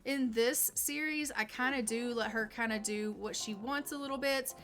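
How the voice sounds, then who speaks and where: A woman's voice: a little high, moderate pace, fairly bright tone. Chatty woman narrating her life-sim game. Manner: chatty, lots of fillers like "like" and "um". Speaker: gaming channel host. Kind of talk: casual gameplay commentary. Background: faint game music.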